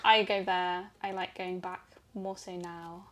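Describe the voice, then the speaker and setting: A young woman from Germany, a guest in a casual chat, talking in a chatty way with quick asides and frequent laughs. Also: on the low side, level tone, fairly bright tone. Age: young adult.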